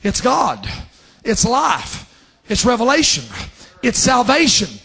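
Male preacher going hard, high husky voice, swoops all over the place, hushed then shouting. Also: sing-song, measured pace. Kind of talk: sermon.

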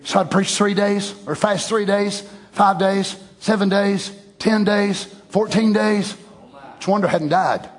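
A man's voice: sits high, steady tone, unhurried. A middle-aged man preaching a sermon in a folksy, conversational way that swells into emphatic exclamations. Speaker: pastor.

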